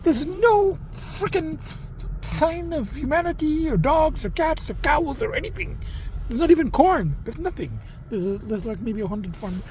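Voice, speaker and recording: A man's voice: very high-pitched, sing-song, unhurried, a little mellow, a little hiss or hum. A man in a casual vlog telling a rambling story with swearing, talking into a handheld camera near his car on rural roads. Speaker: vlogger.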